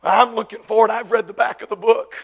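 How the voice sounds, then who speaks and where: A woman preaching a sermon, impassioned and emphatic, swinging from loud declarations to hushed lines. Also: fairly high pitch, flat delivery, brisk, creaky, breathy edge.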